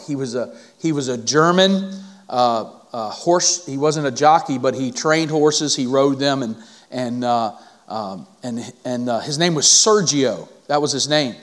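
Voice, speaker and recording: A male pastor preaching a sermon in church, often halting and repeating words, then rising into emphatic preaching. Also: fairly high pitch.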